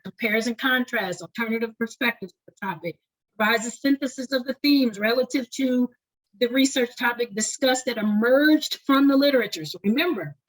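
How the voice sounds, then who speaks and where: A woman leading an online lecture on doctoral writing, talking fast and often checking in with "right?". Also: on the high side, slightly rough, low-quality recording. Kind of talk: webinar lecture.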